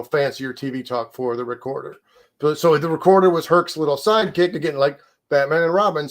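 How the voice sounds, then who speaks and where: A man co-hosting a casual chat, rambling excitedly and restarting his sentences. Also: medium pitch. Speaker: co-host.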